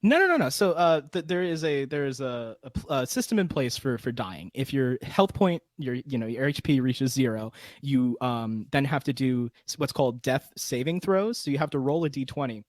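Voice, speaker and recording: A man's voice: medium pitch, a little mellow, dry recording, studio quality. Laughing man with stop-start speech. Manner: laughs often, halting with many restarts. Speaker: guest Dungeon Master. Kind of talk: casual podcast chat.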